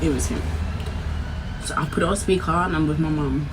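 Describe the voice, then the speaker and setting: A woman's voice: low-pitched, brisk, noisy background. Chatty young woman. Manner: animated, chatty, laughing between lines. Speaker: vlogger. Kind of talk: casual story time.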